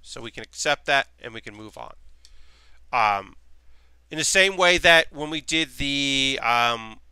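A man chats casually on a live stream, rambling and circling back over his own sentences. His voice is very bright and smooth, recorded dry and close, and it sinks to a low mutter whenever he focuses on the piece in his hands. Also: lively intonation, a little slow, no room sound. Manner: rambling, thinks aloud with frequent restarts and fillers; drops to a quiet mutter while focused on handiwork.

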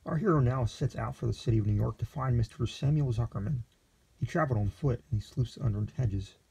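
Brief: male storyteller, deep dark timbre, raspy and gravelly, plain unhurried reading.

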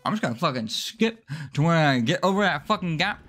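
A gamer man narrates his playthrough with a very lively voice that swings all over the place. He swears freely and rants at himself in exasperation, and he breaks into sudden high-pitched yelps when things go wrong. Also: brisk, a little hiss or hum. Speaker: let's play gamer. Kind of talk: live gameplay commentary.

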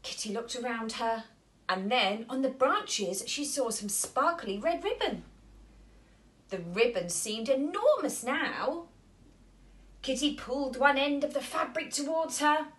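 Woman, nursery storyteller, picture-book reading, lively, slow, asks children questions. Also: sits high.

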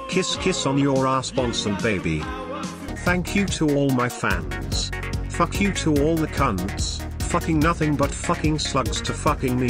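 A man voicing a furious, foul-mouthed male snail with a cracked shell, ranting and boasting in a comedy sketch clip. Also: medium pitch. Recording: played over music.

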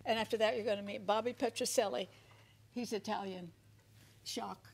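A woman's voice: medium pitch, fairly even intonation, moderate pace, vocal fry. A woman hosting a television talk show, chatting and telling funny stories during a cooking segment. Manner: chatty storyteller, jokey. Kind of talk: casual chat on a cooking segment.

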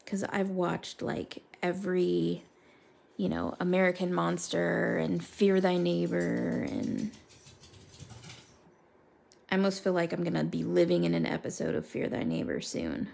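A woman's voice: on the low side, little pitch movement, measured pace, gravelly, darkish tone. A woman chatting casually and rambling as she colors, talking to her viewers by name. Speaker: crafter coloring live with viewers.

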